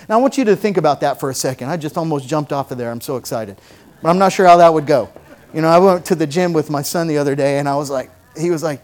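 High-voiced man preaching with fervor. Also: expressive, quick pace, a little mellow. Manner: folksy and joking, building to fervent preaching. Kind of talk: sermon with object lesson.

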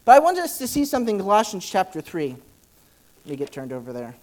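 A man preaching a church sermon and reading scripture aloud, talking fast and excitedly, often repeating words as he presses on. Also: high-pitched, a little hiss or hum.

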